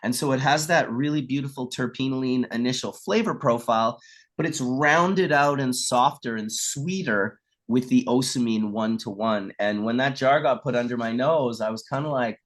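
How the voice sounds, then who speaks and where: A man's voice: mid-range voice, normal speed. A middle-aged man chatting as a guest, telling stories casually and acting out the voices of the people in them, with the odd swear word. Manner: animated storyteller who acts out quoted voices and swears casually. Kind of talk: casual storytelling chat.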